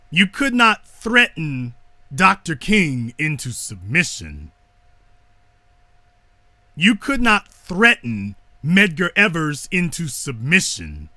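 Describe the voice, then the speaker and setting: A man giving a slow, deliberate lecture, speaking emphatically and repeating his key lines. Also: sits high, pushed and bright, dry recording.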